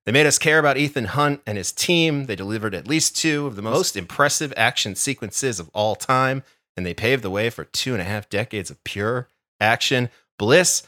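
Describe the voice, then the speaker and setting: Energetic male podcast co-host, bright voice. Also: medium pitch, normal speed, dry recording, clean studio sound. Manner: energetic, theatrical build-up. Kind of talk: debate pitch, casual chat.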